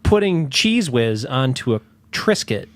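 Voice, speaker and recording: A man's voice: mid-range voice, very animated, unhurried, dry recording, clean studio sound. A man co-hosting a podcast, chatting loosely, laughing and swearing freely. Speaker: podcast co-host. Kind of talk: casual profane chat.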